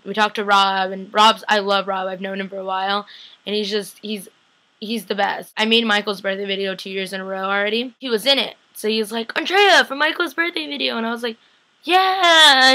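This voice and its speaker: A woman's voice: mid-range voice, bright, forceful tone, rough recording. A young woman telling a vlog story in a chatty way, full of "like" and quoted bits of talk. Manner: chatty, lots of "like", acts out quotes with a lifted voice. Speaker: vlogger.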